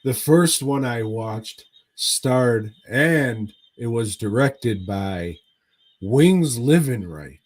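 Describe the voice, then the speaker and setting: A man's voice: medium pitch, animated, extremely slow. A man co-hosting a podcast, recapping a movie in casual chat as a profane, rambling storyteller. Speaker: podcast co-host.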